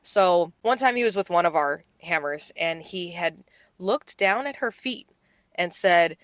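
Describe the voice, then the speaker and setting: Bright, chatty young woman telling a story. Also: fairly low pitch, lively intonation, a little slow, no room sound. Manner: chatty, filler-heavy storytelling with acted-out quotes. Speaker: podcast co-host, restaurant server. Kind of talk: casual storytelling chat.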